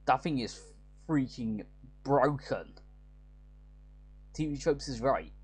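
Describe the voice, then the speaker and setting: A man's voice: medium pitch, takes it slowly, slightly rough. Let's play host, man, loose rambling commentary, fixes his words as he goes. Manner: rambling, self-correcting. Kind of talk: casual gameplay commentary.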